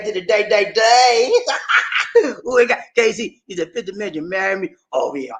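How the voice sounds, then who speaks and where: A man hosting a casual livestream, reading out viewer comments in a laid-back way, calling people "man" and "buddy" and laughing often. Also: a bit bright. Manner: pitch swings widely between low asides and high exclamations. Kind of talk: casual live chat.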